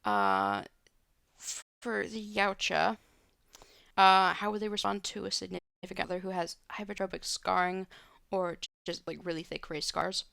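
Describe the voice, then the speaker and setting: A woman's voice: fairly low pitch, animated, normal speed, gravelly, a bit bright, no room sound, clean studio sound. A woman streamer at home, answering viewer questions in a loose, rambling way with many fillers and restarts. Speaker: live streamer. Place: home room.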